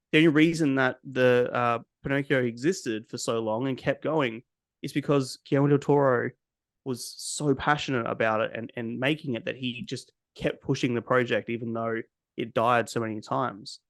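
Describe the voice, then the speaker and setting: A man's voice: medium pitch, steady tone, normal speed, no room sound, studio quality. A man hosting a casual movie podcast, blunt and cynical, swearing freely as he picks films apart. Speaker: podcast host. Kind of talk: casual movie review chat.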